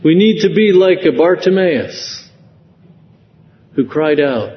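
Male preacher, slow and earnest, somewhat high voice, lo-fi church-hall recording. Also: lively intonation. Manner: slow, earnest preaching with rising emotional emphasis. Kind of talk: sermon. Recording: dull lo-fi sound with long hall reverb.

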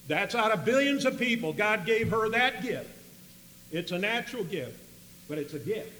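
Male preacher, bright and slightly high voice, long hall reverb, loud bursts and hushed asides. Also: expressive, moderate pace, slight background noise. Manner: swings between loud emphatic bursts and quiet asides. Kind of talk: sermon storytelling.

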